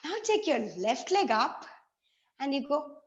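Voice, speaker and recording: A woman leads children through a story and movement songs, speaking in a high, unhurried, sing-song voice and talking to them directly. The room echoes and the recording sounds dull and lo-fi. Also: lively intonation, a little hiss or hum. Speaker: children's storyteller and activity leader.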